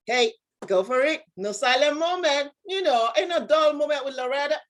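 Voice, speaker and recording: Woman, bubbly workshop host, fairly high voice, lots of laughter, video call sound. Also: animated, moderate pace. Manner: bubbly, laughs a lot, exclamations. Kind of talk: online workshop hosting.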